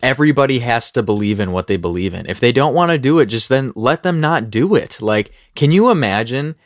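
A man's voice: medium pitch, lively intonation, a little fast, no echo, studio quality. A young man in casual chat who gets worked up and ranty, mocking people in quoted voices.

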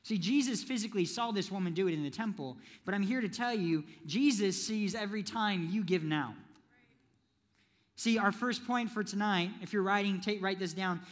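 A man preaching a youth sermon to a live audience in a church hall, playful and quick to ask the crowd questions. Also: high-pitched. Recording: long hall reverb.

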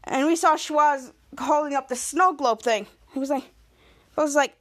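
Young woman, high voice, casual recap, animated, gasps, acts out characters' lines. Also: moderate pace. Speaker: podcast host recapping a TV episode.

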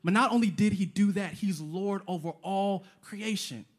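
Here a high-pitched male pastor preaches at a moderate pace, hammering points home through repetition and rhetorical questions while mixing in casual slang.

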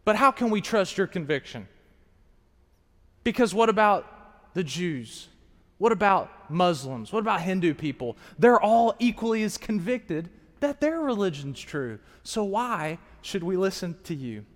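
A man preaching a sermon to a live audience, animated and engaging, swinging from hushed asides to raised, emphatic lines. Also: sits high, unhurried. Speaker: pastor. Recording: long hall reverb.

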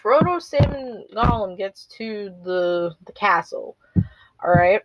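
A woman's voice: mid-range voice, expressive, slow pace, no echo, dull audio. A woman podcast host rambling through a casual movie recap, swearing, laughing nervously and apologizing as she goes.

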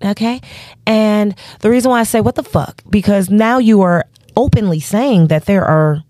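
A woman co-hosting a podcast, chatting casually and telling profane, animated stories. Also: mid-range voice, normal speed, no echo, studio quality. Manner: profane, animated storytelling with put-on voices. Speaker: podcast co-host.

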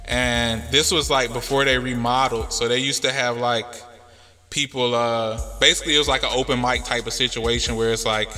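A relaxed male podcast host talks through a story at an easy pace. His voice is bright and forward, heard with a long reverb tail. Faint music sits underneath. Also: medium pitch, fairly quick. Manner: laid-back, rambling with many fillers. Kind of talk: casual storytelling chat.

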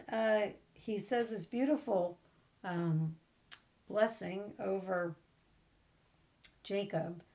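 Give me a woman podcast host, informal and rambling, with a gravelly voice. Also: medium pitch, darkish tone. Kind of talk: casual Bible reading recap. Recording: slightly muffled recording.

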